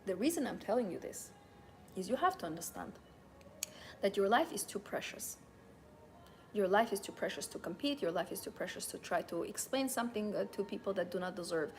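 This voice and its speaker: A woman with a medium-pitched, expressive, slightly mellow voice talks fairly quickly over a faint hiss or hum. She's a femininity and wealth coach on a motivational livestream, speaking directly to her viewers and declaring their rights in emphatic, repetitive statements.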